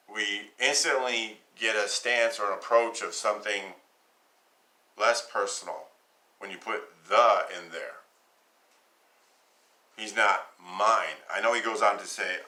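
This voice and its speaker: A man delivers a spoken Bible teaching in a very bright, forceful voice, pitched a little low. He talks slowly and deliberately, pausing to stress single words. The recording sounds echoey, as if made in a bare room.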